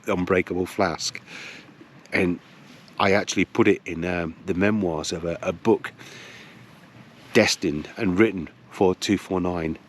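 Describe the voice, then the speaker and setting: Older man, very low voice, wry dramatic storyteller, casual anecdote. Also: a little hiss or hum.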